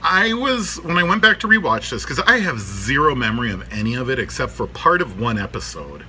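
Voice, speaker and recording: A man's voice: mid-range voice, big pitch swings, a little fast, pushed and bright, a little hiss or hum. A man in his thirties chatting casually to camera in his workshop, rambling through a cartoon review, laughing often and talking to his dogs.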